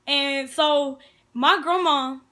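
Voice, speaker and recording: Young woman, the vlogger's sister, high and bright, chatty and animated. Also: slow. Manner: chatty, animated retelling with quoted dialogue. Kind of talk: casual chat.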